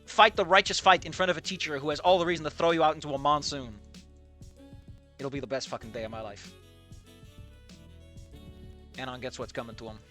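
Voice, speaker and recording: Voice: mid-range voice, fairly even intonation, fairly quick, long pauses, bright, forceful tone, faint music behind. A fanfic reader reading aloud with casual, profane, jokey asides and live commentary.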